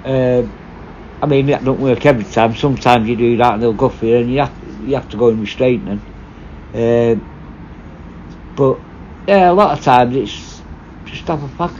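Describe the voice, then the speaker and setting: A man's voice: mid-range voice, moderate pace, pauses often, a little mellow, highs cut off, slight background noise. Blunt swearing man telling stories. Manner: blunt, swears a lot, rambling with restarts. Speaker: former prison officer. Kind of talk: casual storytelling.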